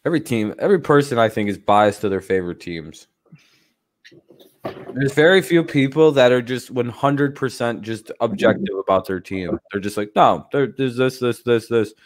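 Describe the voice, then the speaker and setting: A man in the middle of an easygoing stream, talking in a loose, rambling flow that's peppered with swearing and quick laughs. His pitch sits mid-range for a man. The sound is close and dry, with hardly any room around it. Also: expressive, dry recording. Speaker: streamer host. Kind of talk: casual livestream chat.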